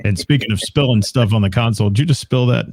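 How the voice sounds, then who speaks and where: A man's voice: medium pitch, fast, darkish tone, breathy edge, dry recording. A man hosting a radio interview, asking friendly prompting questions. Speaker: radio show host. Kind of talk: casual interview.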